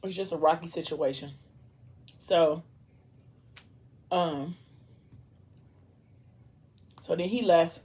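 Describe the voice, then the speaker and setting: A woman's voice: on the low side, steady tone, takes it slowly, long pauses, darkish tone, husky. Woman, vlogger, casual book recap, chatty storyteller, reads out dialogue.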